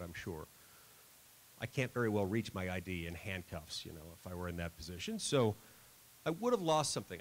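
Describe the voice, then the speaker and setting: A man's voice: medium pitch, low-quality recording. A middle-aged man giving a school assembly speech, telling a self-deprecating story with dry humor. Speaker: senator.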